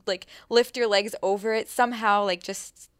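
A young woman chatting casually, telling a lively story full of fillers and acted-out thoughts. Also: medium pitch, normal speed, smooth, no room sound, studio quality. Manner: animated, many fillers, acts out her own thoughts.

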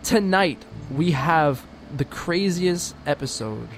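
Young male host, high voice, laid-back slang delivery, light music bed. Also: lively intonation, takes it slowly. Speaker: radio show host. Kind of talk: casual radio hosting.

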